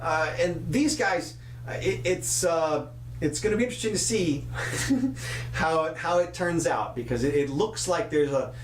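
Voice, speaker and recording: A man co-hosting a casual political chat show, animated and sarcastic, talking in quick bursts. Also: fairly high pitch, a little hiss or hum. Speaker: co-host. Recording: roomy echo.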